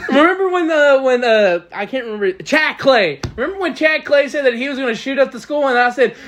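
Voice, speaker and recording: A man's voice: very high voice, expressive, a little fast, fairly bright tone. A young man co-hosting a podcast, retelling school memories in casual chat with lots of laughter and swearing. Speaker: podcast co-host.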